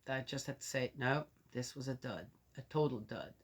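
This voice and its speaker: A woman's voice: a bass voice, moderate pace, breathy edge. An older woman in a rambling, chatty talk, sharing a story and a blessing with her viewers. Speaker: faith vlogger. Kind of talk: casual chat.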